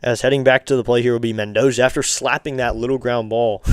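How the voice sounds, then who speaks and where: A man with a smooth, resonant voice calls the pitches of a baseball game for his live stream. He keeps it loose and chatty between pitches, greeting the chat and pushing for likes and subs. The sound is close and dry, with no room around it. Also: lively intonation, fast, hardly any pauses, no room sound. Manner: casual, chatty, asking viewers for likes and subs. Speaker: streamer doing play-by-play.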